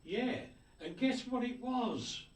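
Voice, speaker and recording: A man hosting a radio show, chatting casually and jokingly as he reads out listener greetings. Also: slow. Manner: jokey, chatty, with lively swings of pitch. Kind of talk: casual on-air chat, reading listener messages. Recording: roomy, distant mic with faint noise.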